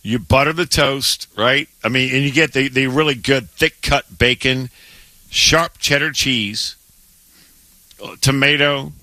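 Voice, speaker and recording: Male sports radio co-host, excitable banter, bright voice, dry studio sound. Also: medium pitch, unhurried, dry recording. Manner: excitable, stammering restarts. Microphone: studio microphone.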